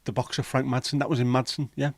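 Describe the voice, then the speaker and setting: A man's voice: medium pitch, level tone, fast, no room sound. A man hosting a casual livestream, chatting, swearing freely and reading viewer comments aloud. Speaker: livestream host.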